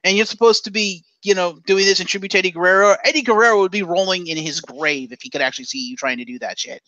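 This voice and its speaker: Sarcastic ranting man, bright voice. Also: high voice, fast, dry recording, dull audio. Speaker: podcast co-host. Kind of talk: casual wrestling chat.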